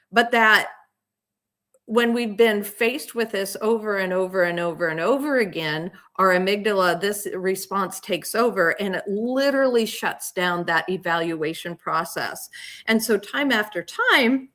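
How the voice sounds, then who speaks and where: A middle-aged woman speaks as a coach in an interview, with a bright, forceful voice. She explains in a lively way and acts out the people she quotes. Her pitch sits at an average level. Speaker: parenting and teen coach.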